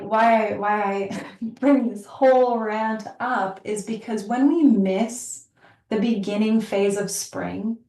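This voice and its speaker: Earnest woman teacher, chatty and warm-paced, recorded a bit off-mic in an echoey room. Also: medium pitch. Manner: earnest, chatty, laughs often, many likes and you-knows. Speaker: yoga teacher and podcast host. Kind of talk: reflective casual talk. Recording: roomy, from a distance.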